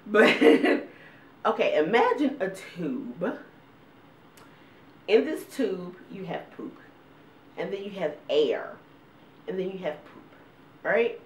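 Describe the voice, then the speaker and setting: A woman's voice: lowish voice, big pitch swings, slow pace, pauses often, a little mellow, echoey room, far from the mic, slight background noise. A woman, telling stories casually to her viewers, acting out quotes with big jumps in voice and frequent laughs. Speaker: vlogger giving a weight update.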